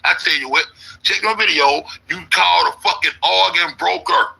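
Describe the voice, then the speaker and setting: A man's voice: on the high side, moderate pace, gravelly, sharp tone, husky, rough recording. A man ranting in a casual, profane, rambling way, repeating himself as an internet commentator. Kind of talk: casual conspiracy rant.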